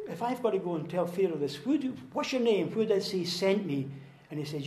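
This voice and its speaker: A man preaching with earnest conviction, his slightly high voice swelling into emphatic, repeated declarations. The sound carries the roomy echo of a church hall. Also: darkish tone. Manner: earnest, repetitive, rising to emphatic proclamation. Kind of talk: sermon.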